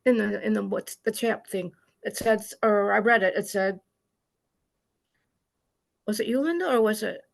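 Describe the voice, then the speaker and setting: A woman on a video call sharing a personal story with an online study group, halting and full of restarts, acting out remembered scoldings. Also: mid-range voice, gravelly.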